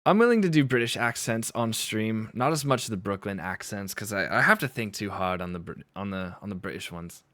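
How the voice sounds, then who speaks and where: A man's voice: lowish voice, lively intonation, a little fast, hardly any pauses, fairly bright tone, no room sound, studio quality. A man hosting a livestream, chatting casually and laughing at himself as he talks about accents. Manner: chatty, laughing, self-deprecating. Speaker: livestream host. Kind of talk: casual chat with chat.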